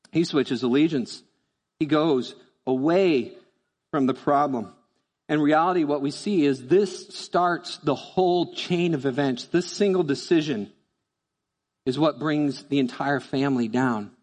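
High-voiced preacher in a reverberant church. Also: male voice, measured pace. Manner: conversational, animated, acts out voices. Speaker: pastor. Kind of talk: sermon.

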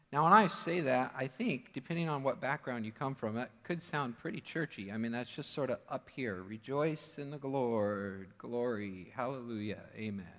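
A man preaches in a conversational yet emphatic way, mixing plain asides with pointed stress. His voice sits at an ordinary middle pitch. It rings out in a church sanctuary with a long, trailing reverb. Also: a bit bright. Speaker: pastor. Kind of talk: sermon.

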